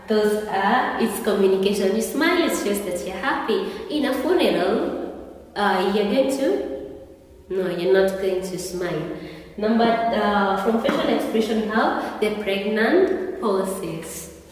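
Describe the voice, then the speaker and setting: Slow woman teacher in an echoey room. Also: mid-range voice, lively intonation, recorded from a distance. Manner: playful, asks the viewer questions. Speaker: English teacher. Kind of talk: exam revision lesson to camera.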